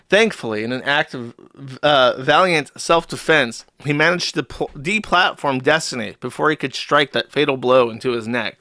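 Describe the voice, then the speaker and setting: A man's voice: medium pitch, moderate pace, pushed and bright, no room sound, studio quality. A man hosting a livestream, giving sarcastic, mocking commentary and swearing freely. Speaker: livestream host.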